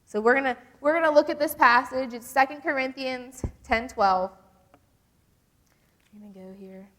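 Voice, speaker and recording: A young woman gives a casual, animated devotional talk to a youth group. She often acts out the voices she quotes. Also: high-pitched, moderate pace. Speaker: youth speaker. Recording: long reverb from a large hall.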